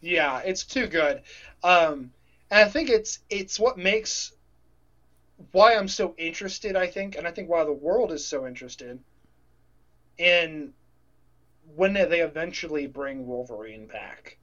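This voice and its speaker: A man's voice: fairly high pitch, animated, unhurried, long pauses, fairly bright tone. A man co-hosting a casual podcast chat, rambling and restarting sentences as he gets emotional. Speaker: podcast co-host. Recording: dull lo-fi sound.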